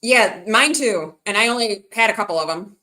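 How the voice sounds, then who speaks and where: Woman streamer, middle pitch, bright and forceful tone, rambling casual chat with her viewers. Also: moderate pace. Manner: chatty, rambling, reads out and answers viewer comments. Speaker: livestreaming vlogger.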